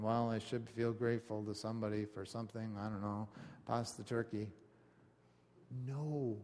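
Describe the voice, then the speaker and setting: A man preaching a conversational sermon, telling stories with animated asides to his congregation. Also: mid-range voice, gravelly. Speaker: pastor. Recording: long hall reverb.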